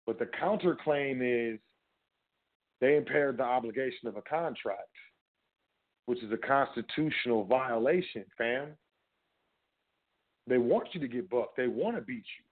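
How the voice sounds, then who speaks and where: A man's voice: mid-range voice, expressive, measured pace, long pauses. A man hosting a talk show, speaking in a casual, emphatic, instructional way and often repeating filler phrases. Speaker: podcast host. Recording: phone-like narrow band audio.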